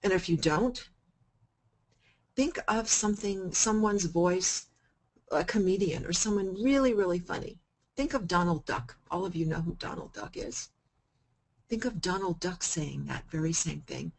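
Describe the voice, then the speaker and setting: A woman giving a coaching self-help talk to a group, switching between calm explanation and sudden loud, playful emphasis. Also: lowish voice, unhurried, gravelly, rough recording.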